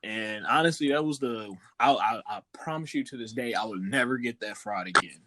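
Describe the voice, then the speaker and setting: A young man co-hosting a podcast, telling stories in an animated, laughing way. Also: fairly low pitch, normal speed, no room sound. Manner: animated storyteller, loud laughing retellings. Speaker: podcast co-host. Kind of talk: casual chat.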